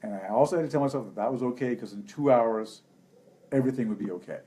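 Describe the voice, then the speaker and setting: A man's voice: medium pitch, quick pace, dark tone. A man chatting as a guest co-host, talking in a reflective, storytelling way with plenty of fillers. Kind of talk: casual chat. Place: indoors at a family vacation spot.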